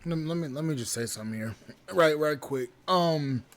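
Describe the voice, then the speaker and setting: A young man runs his podcast in casual commentary, blunt and exasperated. His voice sits fairly high, and he swears freely and repeats words as he works himself up. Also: normal speed. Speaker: podcast host.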